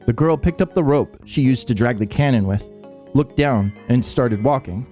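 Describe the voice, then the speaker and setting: A man hosting a game playthrough, reading the story aloud and reacting with laughs and quick comments. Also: mid-range voice, soft background music. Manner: lively, laughs and reacts mid-read. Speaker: let's play host.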